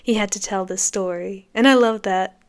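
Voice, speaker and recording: A woman's voice: medium pitch, normal speed, clear, resonant tone. A woman hosting a podcast, giving enthusiastic, conversational commentary as she reacts to a film. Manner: enthusiastic, conversational, reacting to scenes as they play. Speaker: podcast host.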